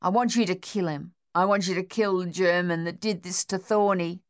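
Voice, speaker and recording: A woman's voice: on the low side, steady tone, normal speed, lightly acted. A woman voicing a shaken young male Australian soldier, pleading and raw with despair. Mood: distraught.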